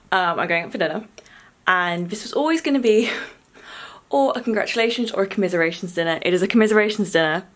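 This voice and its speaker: A young woman in her twenties vlogging casually to camera, frank and sweary, venting with self-mocking humour. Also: medium pitch. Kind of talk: casual vlog chat to camera.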